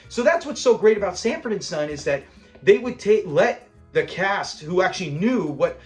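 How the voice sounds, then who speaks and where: High-voiced man recapping a sitcom episode. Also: very animated, moderate pace, soft background music. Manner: chatty and enthusiastic, laughs often while recapping scenes. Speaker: show review host. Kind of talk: casual episode breakdown commentary.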